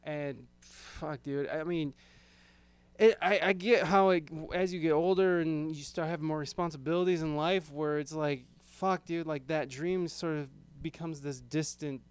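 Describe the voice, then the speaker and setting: A man from the American Midwest in a casual podcast chat, animated and profane, with lots of "like" fillers. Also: fairly high pitch, measured pace, smooth.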